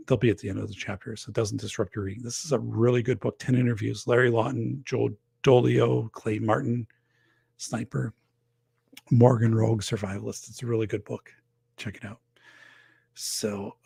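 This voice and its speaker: Middle-aged male host, dry close sound, gravelly tone, rambling casual chat, losing his voice. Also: medium pitch, moderate pace, darkish tone, no room sound. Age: 40s or older. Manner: rambling, loose, lots of fillers. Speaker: podcast host. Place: home office.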